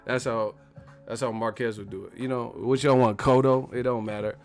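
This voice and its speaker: A man's voice: medium pitch, fairly even intonation, normal speed, darkish tone, soft background music. A man hosting a casual livestream as a boxer, rambling and profane and laughing often.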